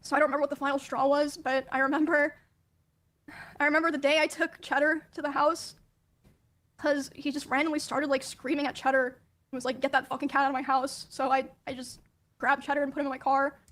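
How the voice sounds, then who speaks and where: High, flat-voiced woman recounting hardships. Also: a little fast. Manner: soft, hesitant, many ums and likes. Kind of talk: recounting personal experiences in a played clip.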